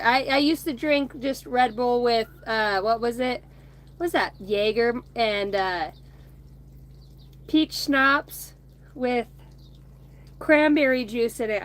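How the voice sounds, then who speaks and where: Speaking a little slowly in a fairly high, bright voice, a woman in her thirties chats casually while reading oracle cards for viewers. She's outdoors by a bonfire at home on her phone, rambling, cursing and laughing in between.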